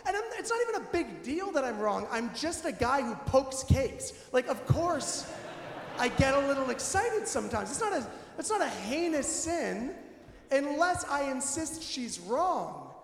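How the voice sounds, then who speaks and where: A man preaching a candid, conversational sermon in a church, animated and self-deprecating. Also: extremely high pitch, a little slow, slight background noise. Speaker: pastor. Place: church sanctuary. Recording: echoey hall with long reverb.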